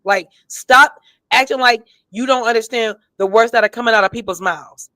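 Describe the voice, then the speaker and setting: A woman's voice: fairly high pitch, sharp tone, no room sound. Sassy blunt woman in a dry room. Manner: sassy, blunt, drawn-out emphatic repeats. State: tipsy, has been drinking. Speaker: co-host. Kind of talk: casual gossip commentary.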